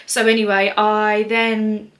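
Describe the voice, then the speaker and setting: A woman's voice: medium pitch, completely flat delivery, slow, a bit bright. A young woman telling a personal story to camera in a rambling, chatty way, full of fillers and restarts. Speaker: vlogger. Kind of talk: casual storytime monologue.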